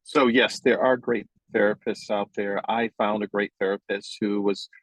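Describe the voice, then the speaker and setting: A man as an interview guest, agreeable and quick to affirm, talking casually about his personal growth. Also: lowish voice, fairly even intonation, no echo, poor audio. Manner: agreeable, gives frequent affirming yeses.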